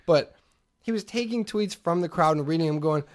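Podcast co-host, male, slightly higher voice, animated ranter who drops into mocking voices. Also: fairly quick. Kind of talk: casual comedy podcast chat.

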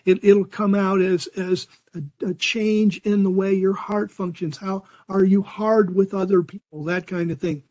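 An older man with a fairly high voice teaches a Bible lesson to a group. He speaks earnestly and conversationally, often restarting his sentences. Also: fairly even intonation, a little slow, few pauses, darkish tone.

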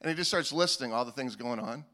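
A male pastor preaching a sermon in a casual, animated way, often restarting his sentences. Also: mid-range voice, quick pace. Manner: animated and informal, with frequent restarts. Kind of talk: conversational sermon.

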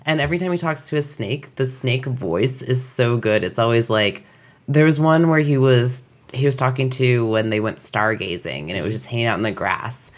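A woman's voice: a bass voice, moderate pace. A woman chatting casually with friends about a story she loves, enthusiastic and gushing, with a lot of "like". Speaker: podcast co-host discussing fan fiction. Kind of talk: casual group chat.

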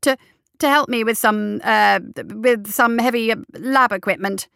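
A woman voicing a flustered, scheming male doctor who stammers and talks too loudly. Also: mid-range voice, normal speed, no echo, studio quality, lightly acted. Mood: fumbling. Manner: stammering, overly hearty, raises voice.

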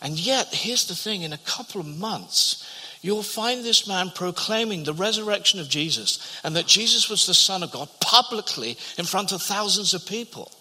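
Guy preaching a sermon, high bright voice, storyteller vibe, lots of echo in the hall. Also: lively intonation, moderate pace, husky. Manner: storytelling, repeats words, drops to a hush at tender moments. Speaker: pastor. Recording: long hall reverb.

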